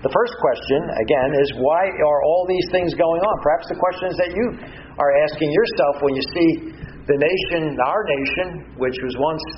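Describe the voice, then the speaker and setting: A man giving a measured, earnest Bible-teaching sermon as pastor, with frequent pauses and restarts. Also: on the high side, muffled recording, slight background noise.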